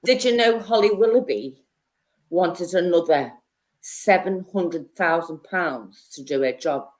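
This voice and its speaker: A woman with a Liverpool accent calling into a live stream, chatting in a lively, casual way. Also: lowish voice, measured pace. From Liverpool, England. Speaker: caller.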